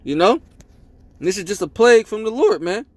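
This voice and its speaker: High-voiced emphatic male preacher. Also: animated, fairly quick, no room sound. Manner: emphatic, tags lines with "man" and "all right?". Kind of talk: scripture-reading sermon.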